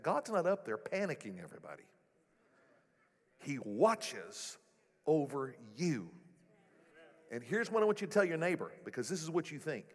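Male pastor, lively, sermon delivery, slightly raised pitch, echoey sanctuary. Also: moderate pace. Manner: animated, rising to loud exclamations. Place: church sanctuary. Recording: echoey hall.

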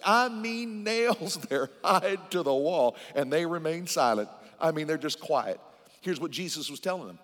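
Male pastor, sermon; lively, emphatic, higher-pitched preacher with long church-hall reverb. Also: unhurried.

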